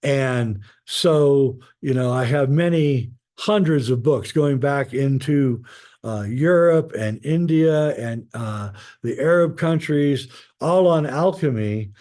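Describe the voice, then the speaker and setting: A man, a guest author, talking in a rambling, casual way with many pauses and fillers while telling stories. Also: medium pitch, warm tone. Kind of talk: casual spoken storytelling.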